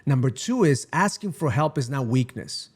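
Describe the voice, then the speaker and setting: A man's voice: mid-range voice, animated, normal speed, breathy edge. A man hosting a podcast in casual conversation, earnest and reflective, with casual swearing. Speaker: podcast host.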